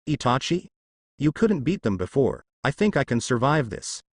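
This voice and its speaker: A man voicing a wounded young male fighter who is fading fast, in a fan-fiction audio story. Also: mid-range voice, very animated, dry recording, studio quality. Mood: strained.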